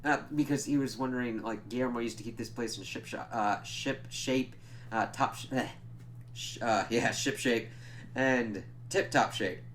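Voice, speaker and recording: A man's voice: mid-range voice, moderate pace, slight background noise. A man giving a casual spoken recap of a TV episode, swearing freely, acting out lines, and tripping over his words. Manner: animated, profane retelling with quoted lines; stumbles over words and laughs at himself. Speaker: TV reviewer.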